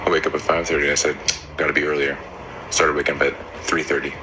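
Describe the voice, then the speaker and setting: A man doing a stand-up bit in a deadpan, bragging manner. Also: a bass voice, fast. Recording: noisy background.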